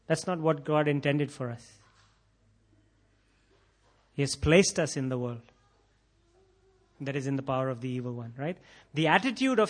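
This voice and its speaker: A man's voice: mid-range voice, lively intonation, moderate pace, pauses often. A man preaching a sermon, building to intense emphasis and repeating key phrases, sometimes acting out imagined prayers. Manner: acts out imagined prayers in quoted voices. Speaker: pastor.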